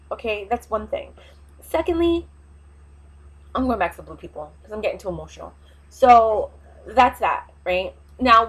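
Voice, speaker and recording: A woman's voice: medium pitch, husky, low-quality recording. A woman vlogger, talking in an impassioned, rambling casual monologue with emphatic, fiery opinions.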